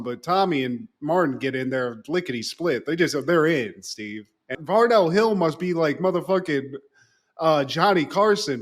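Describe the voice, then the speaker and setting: A man co-hosting a casual podcast, voice sitting a touch higher than most men's. He recaps with lively energy, jumps into the characters' voices for quoted lines, and swears freely. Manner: animated, acts out quoted lines with profanity. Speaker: podcast co-host.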